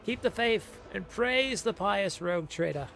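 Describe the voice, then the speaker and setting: An actor playing a game's male imperial herald, declaiming a formal proclamation in a solemn, drawn-out way. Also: high voice, expressive, creaky, a bit bright, exaggerated voice. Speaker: in-game herald.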